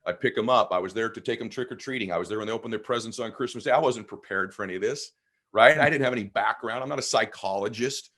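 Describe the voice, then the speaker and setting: A man, a guest on an interview podcast, telling personal stories with animated emphasis. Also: on the low side, fast talker. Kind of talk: storytelling conversation.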